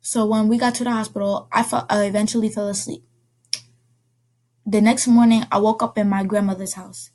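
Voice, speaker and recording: A woman casually telling a personal story as a vlogger, rambling and correcting herself with quick asides. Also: medium pitch, level tone, darkish tone.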